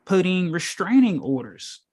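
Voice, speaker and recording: A man's voice: high voice, big pitch swings, a little slow, a little mellow. A man giving a casual, preachy talk as a spiritual teacher at an informal meetup, rambling and emphatic, with many fillers and rhetorical questions.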